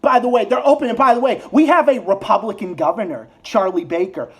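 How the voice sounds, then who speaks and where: A man's voice: high-pitched, fairly quick. American guy ranting, swearing nonstop, says the same insult again and again. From United States. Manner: heated, profane, repeats insults over and over. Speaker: political commentary vlogger. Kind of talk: angry ranting monologue.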